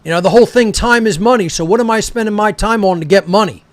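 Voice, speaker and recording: High-pitched man in a profane, angry rant. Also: quick pace, no echo. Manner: heated, profane, confrontational. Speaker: talk show host. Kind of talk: angry ranting monologue.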